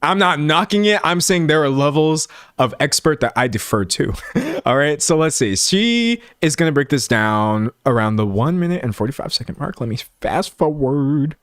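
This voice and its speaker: A man's voice: a little high, moderate pace, no echo, studio quality. A man from Texas hosting a casual stream, reading chat aloud and laughing often. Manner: animated, laughing, talks to chat. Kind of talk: casual chat reacting to videos.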